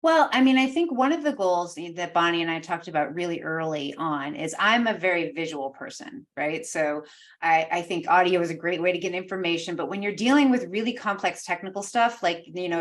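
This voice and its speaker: Woman co-host, earnest explainer, lowish voice. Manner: earnest, explanatory, peppered with "you know". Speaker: guest co-host. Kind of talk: interview podcast conversation.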